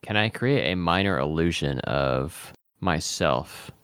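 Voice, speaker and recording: A man with a very deep, smooth voice chats as a player in a tabletop role-playing game. He talks casually with small restarts and jokes, recorded close and dry. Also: lively intonation, takes it slowly, fairly bright tone, no room sound. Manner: hesitant, restarting, joking.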